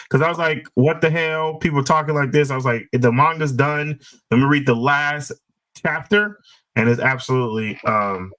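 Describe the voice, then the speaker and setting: A man's voice: mid-range voice, sharp tone, low-quality recording. A man hosting a casual chat show, emphatic and opinionated, repeating his points for stress. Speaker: show host.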